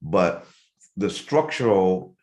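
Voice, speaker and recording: A man's voice: low-pitched, animated, takes it slowly, a little mellow. A man hosting a casual interview over a video call, affirming and conversational with his guest. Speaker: show host.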